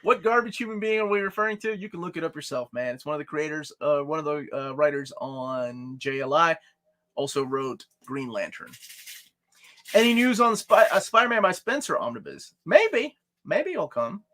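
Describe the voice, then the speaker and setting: Male host, animated delivery with a wide-swinging pitch, casual and joking. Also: normal speed. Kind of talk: casual live-stream chat.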